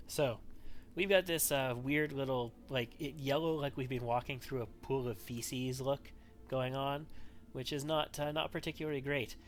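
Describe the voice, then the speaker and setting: A man commenting on his own game session, musing out loud and second-guessing his picks as he goes. His pitch sits in an average range, with faint music underneath. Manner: thinks aloud, musing and wavering over choices. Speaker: let's play host. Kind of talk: gameplay commentary.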